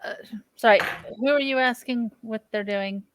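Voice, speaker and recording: A woman's voice: on the high side, normal speed, noisy background. A woman playing a tabletop game, laid-back and offhand. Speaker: player.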